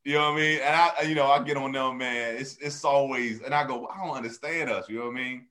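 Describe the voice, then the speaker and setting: This man's medium-pitched voice races along fast as he spins stories in a relaxed podcast conversation he co-hosts. A comedian, he acts out quoted lines and laughs a lot.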